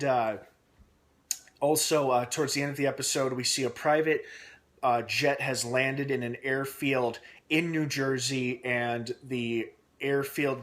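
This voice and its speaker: A man's voice: medium pitch, a bit bright. A young man hosting a casual TV episode recap vlog. He rambles with a lot of "uh" fillers and restarts, and he asks himself questions aloud as he speculates. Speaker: TV episode reviewer and channel host.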